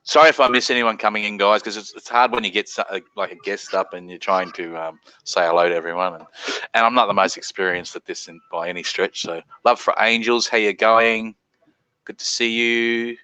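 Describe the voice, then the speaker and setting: A middle-aged Australian man chatting casually as host of a live stream, laid-back and quick to greet viewers. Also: on the low side, pushed and bright, clean tone, dry recording, low-quality recording.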